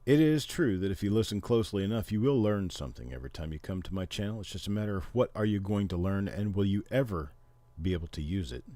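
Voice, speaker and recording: A man's voice: deep voice, fast talker, hardly any pauses, mellow, dry recording. A middle-aged man hosting a casual livestream, chatting and explaining things to his viewers. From Missouri, Oklahoma and Memphis, Tennessee. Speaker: livestream host.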